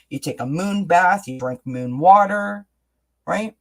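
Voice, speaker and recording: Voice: medium pitch, unhurried. A tarot reader hosting a live reading, talking casually and often checking in with "right?" while repeating words and restarting sentences. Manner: chatty, keeps asking "right?". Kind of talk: livestream tarot reading chat.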